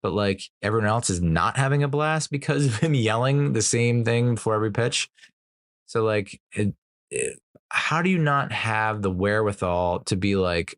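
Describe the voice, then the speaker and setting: A man in his thirties hosts a podcast in a low, easygoing voice. He rambles through his stories, swears casually and laughs often. The recording is dry and close-miked. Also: moderate pace, dry recording. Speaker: podcast host. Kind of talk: casual storytelling chat.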